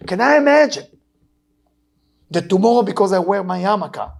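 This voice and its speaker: A man in his sixties with an Israeli accent, a Kabbalah teacher giving an emotional sermon that swings between loud urging and low, hushed tones. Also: animated, normal speed, vocal fry. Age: 60s. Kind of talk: impassioned sermon.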